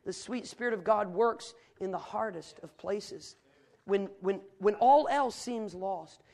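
A man from the northern United States preaches in a high, ringing voice. He piles up phrases toward loud peaks, then drops to hushed asides. The tone is earnest and pastoral throughout. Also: measured pace, gravelly. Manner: emphatic preaching, rising to loud climaxes and dropping to quiet asides. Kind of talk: sermon. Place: church sanctuary.

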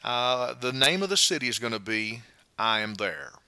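A male pastor giving a short devotional sermon, slow and emphatic, with frequent "uh" fillers. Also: mid-range voice, lively intonation, vocal fry, pushed and bright, clean tone, no echo.

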